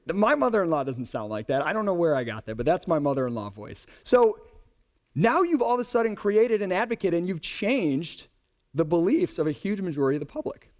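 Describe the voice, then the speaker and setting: Animated man giving a conference talk. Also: high-pitched, brisk. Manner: conversational, animated, keeps asking "right?". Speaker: conference speaker. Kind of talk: conference talk to a live audience. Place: conference presentation before a young audience.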